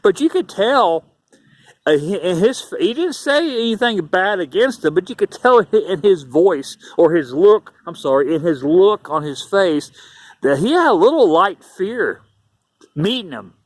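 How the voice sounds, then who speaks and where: A man's voice: high-pitched, sing-song, a little slow, no echo. A man telling a rambling, repetitive story in a casual vlog monologue. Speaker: YouTuber.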